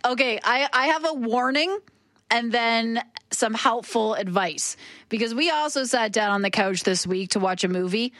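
A woman's voice: fairly high pitch, dry recording. Opinionated radio co-host woman. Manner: lively, opinionated, quick and laughing. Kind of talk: casual chat on air. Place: radio studio. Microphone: studio microphone.

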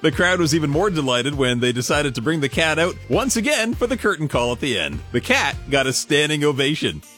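A man's voice: fairly high pitch, big pitch swings, fairly quick, hardly any pauses, music in the background. A man hosting a radio show, reading feel-good stories in an upbeat, chatty way. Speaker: radio host.

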